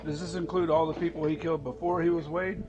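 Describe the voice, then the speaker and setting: A man with a fairly high voice reacts to a story in short, blunt remarks and questions, cursing now and then. Music plays clearly under his voice. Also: level tone, quick pace, muffled recording. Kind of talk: casual chat.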